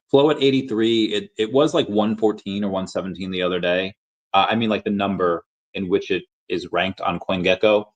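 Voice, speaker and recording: A man hosting a podcast, rambling through a casual market update, often correcting himself mid-sentence. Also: low-pitched. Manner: rambling, self-correcting, upbeat. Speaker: podcast host.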